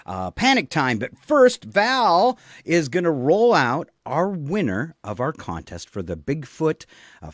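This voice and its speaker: Male morning radio host, a little high, very animated, joking banter, dry studio sound. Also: dry recording. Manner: joking, laughs often.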